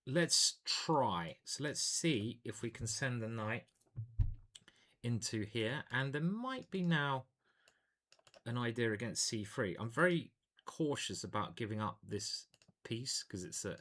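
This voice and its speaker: A man's voice: mid-range voice, expressive, measured pace, fairly bright tone. A man, a chess grandmaster, commentating live on his own online games in a chatty, self-deprecating way, thinking aloud at a home computer.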